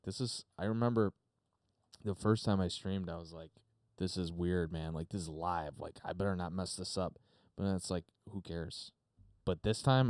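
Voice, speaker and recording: A man's voice: low voice, darkish tone, no echo. A man hosting a podcast, chatting unscripted on a live stream from his home studio, rambling with lots of fillers and casual swearing. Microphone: desk mic through a mixer.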